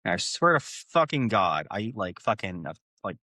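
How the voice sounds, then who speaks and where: Brief: deep-voiced Cape Breton guy, coach co-host, foul-mouthed and animated, dry close mic. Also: moderate pace, no echo. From Canada, Cape Breton. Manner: swears constantly, animated storytelling. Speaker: fitness coach, podcast co-host. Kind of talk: casual podcast chat.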